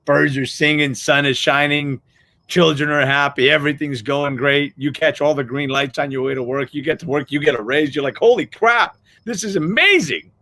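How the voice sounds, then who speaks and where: A man's voice: mid-range voice, flat delivery, brisk, sharp tone. A middle-aged man hosting a motivational live show, talking casually and animatedly, swearing freely and acting out everyday scenes.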